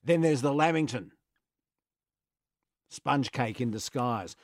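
A man's voice: mid-range voice, slow, dry recording. A man with an Australian accent hosting a radio show, chatting casually and playfully. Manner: playful, enthusiastic, musing aloud. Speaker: radio host. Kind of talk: casual on-air chat.

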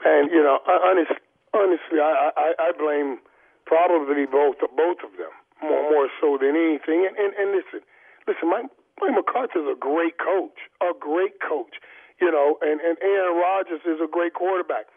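A man's voice: on the high side, normal speed, vocal fry. Emphatic man on a tinny phone line. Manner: emphatic, repeats words, many restarts. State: has hiccups. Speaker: guest football analyst. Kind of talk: sports talk on the phone.

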